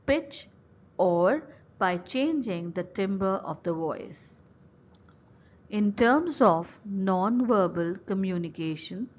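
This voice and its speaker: A woman professor with an Indian English accent delivers a lecture at a slow, measured pace, setting out each point separately. Her voice sits at an ordinary middle pitch. The recording sounds a little muffled, with faint noise underneath. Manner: slow, deliberate, lists items one by one. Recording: slightly dull recording with faint background noise.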